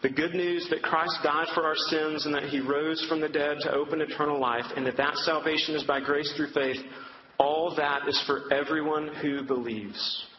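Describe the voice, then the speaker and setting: A man's voice: a little high, steady tone, moderate pace, slight background noise. A man preaching a sermon, speaking earnestly and directly to his listeners with repeated reassurance, in a large hall. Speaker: campus minister preaching. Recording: echoey hall, dull sound.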